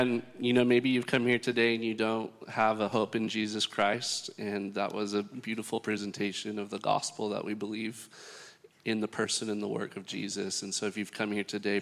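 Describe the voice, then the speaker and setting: A man hosting a church panel in a relaxed, easygoing way, often pausing on fillers. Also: on the low side, big-room sound. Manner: easygoing, filler-heavy, laughing. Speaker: church host leading a panel.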